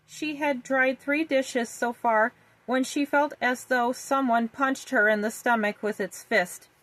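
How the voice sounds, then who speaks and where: A woman reading a children's story aloud in a gentle, even storytelling manner. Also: a little high, unhurried, no room sound, low-quality recording.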